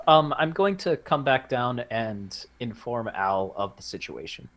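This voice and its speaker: A player in a tabletop game who talks slowly and laughs often. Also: mid-range voice, lively intonation, a bit bright. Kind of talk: playing a tabletop game in character.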